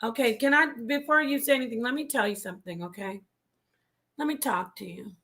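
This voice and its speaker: Passionate woman with a bright voice. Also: a little high, fairly quick. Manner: passionate, preachy, drops to a whisper for emphasis. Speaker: guest, former member of a religious group. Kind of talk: emphatic talk-show storytelling.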